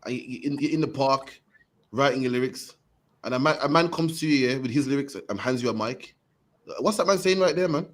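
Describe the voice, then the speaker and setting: A man preaching to a group, punchy and forceful, ending his lines with "man". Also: mid-range voice, fairly quick. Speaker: street preacher teaching a group. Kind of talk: impassioned preaching.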